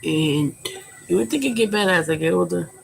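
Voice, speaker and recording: A woman in her thirties talking frankly and at length in a personal vlog, keeping her voice quiet and subdued and rambling with many fillers. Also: lowish voice, brisk, creaky, a little hiss or hum, low-quality recording. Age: 30s. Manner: quiet, subdued speaking volume. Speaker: vlogger. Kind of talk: candid personal vlog talk.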